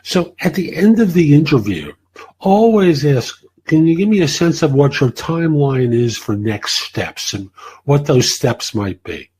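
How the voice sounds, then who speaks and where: A man's voice: mid-range voice, darkish tone, breathy edge, rough recording. A man hosting a career advice show, answering listener questions in a blunt, plain-spoken way.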